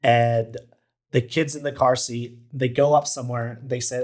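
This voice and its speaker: A man's voice: mid-range voice, flat delivery, moderate pace, darkish tone. A man co-hosting a casual podcast about fatherhood, friendly and agreeable, peppering his talk with "like" and "yeah". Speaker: podcast co-host, expecting father. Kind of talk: casual chat.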